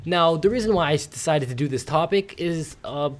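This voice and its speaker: Ranting teenage boy gamer, higher voice. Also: lively intonation, brisk. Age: teens. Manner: rambling, ranting, many fillers and restarts. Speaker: gameplay commentator. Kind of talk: casual gaming commentary rant.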